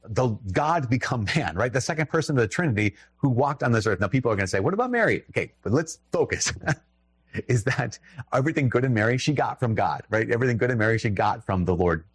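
A man's voice: medium pitch, fast, few pauses, husky, no echo. A man with a Minnesotan accent giving a conversational, emphatic sermon, breaking off into restarts and little laughs.

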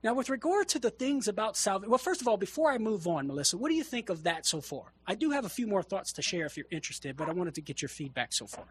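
A man with a high, husky voice talks through theology for a caller on a call-in radio show. He explains earnestly and keeps posing rhetorical questions. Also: very animated, quick pace, few pauses. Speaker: guest theologian answering callers.

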